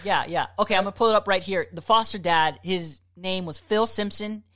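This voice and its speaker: A woman co-hosting a podcast in casual chat, profane and excitable, often laughing. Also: mid-range voice, brisk. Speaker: podcast co-host.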